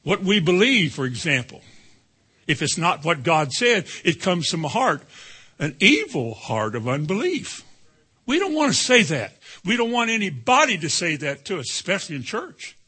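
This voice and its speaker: High, bright-voiced preacher man. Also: sing-song, moderate pace, husky. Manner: emphatic, calls for congregation response. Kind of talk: sermon.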